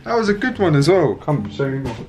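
A man's voice: fairly high pitch, sing-song, a little fast. A young man chatting casually with his girlfriend, laid-back and teasing, mumbling his words. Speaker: boyfriend. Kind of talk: casual chat.

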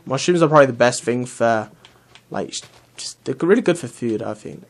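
A young man commentates his game in a loose, chatty way. His voice sits at an ordinary middle pitch, and he rambles, restarts and drops in casual swearing. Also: animated, moderate pace. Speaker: let's play host.

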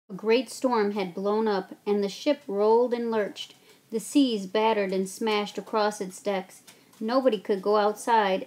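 A woman's voice: mid-range voice, dark tone. Woman reading a storybook aloud. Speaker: narrator.

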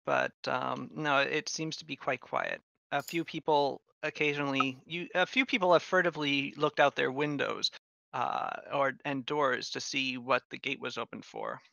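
A man runs a tabletop game with a gravelly, bright voice, stopping often to hunt for the next word. The sound is dry and close. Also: mid-range voice, fairly even intonation, normal speed, dry recording, lo-fi sound. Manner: hesitant, many ums and uhs. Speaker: game master.

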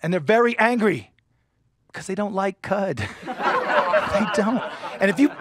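A man's voice: high voice, expressive, a little slow, over a noisy crowd, heavy background noise. A man performing a stand-up comedy set on stage, with punchy delivery and silly character voices. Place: stage before a live audience.

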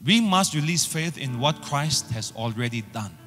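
A male pastor delivering a sermon, emphatic and repetitive, pushing phrases up in pitch as he builds. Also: lively intonation, moderate pace, a bit bright, long reverb tail, faint music behind. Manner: emphatic preaching with repeated rising phrases.

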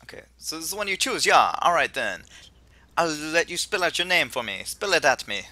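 A booming, cheerful island professor welcoming new trainers, as a man puts him on. The voice leaps around with lively swings and a bright, forceful edge, and he stays upbeat and playful throughout. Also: moderate pace. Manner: booming, playful, attempting a put-on island lilt.

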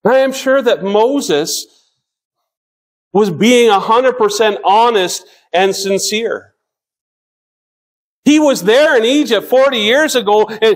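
A man in his fifties delivers a sermon with a notably high-pitched voice. He speaks earnestly, drawing out scripture readings slowly and often stumbling and restarting mid-sentence. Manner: earnest, slows down to read scripture, frequent restarts. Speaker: pastor.

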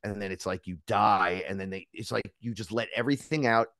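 A man with a low voice, recorded close and dry with no room sound. He chats casually as a podcast guest. His stories are lively and full of swearing, and he slips into the voices of the people in them. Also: fairly quick, dry recording. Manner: animated storytelling, swears freely, acts out voices in his anecdotes. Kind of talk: casual chat.

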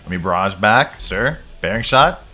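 A man's voice: fairly low pitch, moderate pace, faint music behind. A man giving hyped, slang-filled let's-play commentary, hyping himself up as he plays. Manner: excitable, slangy, hypes himself up. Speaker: gaming YouTuber.

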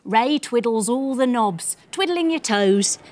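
A bright, lively woman teaches a storytelling yoga lesson for children. Her voice sits on the high side and she takes her time, encouraging the kids as she guides them through each move step by step.

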